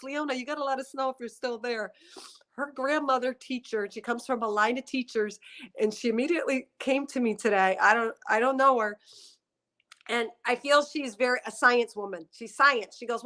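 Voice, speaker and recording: A woman's voice: high voice, normal speed, sharp tone. A woman doing a psychic reading on a headset mic, emotional and tearful as she rambles through her impressions. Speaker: psychic reader. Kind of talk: spiritual reading session.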